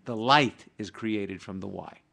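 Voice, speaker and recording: Man as a talk show guest, explaining spiritual ideas at an even pitch, quoting a text and then unpacking it in plain terms. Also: normal speed. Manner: reads quoted passages, then explains them with acted-out everyday examples. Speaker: guest teaching Kabbalah.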